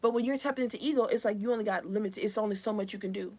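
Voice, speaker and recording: A woman's voice: mid-range voice, very fast, warm tone. A young woman giving a live collective tarot reading in a casual, rambling, slangy way. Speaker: tarot reader.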